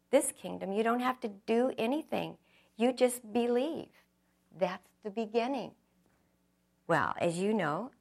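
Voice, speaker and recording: Gravelly, earnest woman telling her testimony. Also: medium pitch, a little mellow. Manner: earnest, reflective, storytelling with acted quotes. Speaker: speaker giving a testimony. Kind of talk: personal testimony talk.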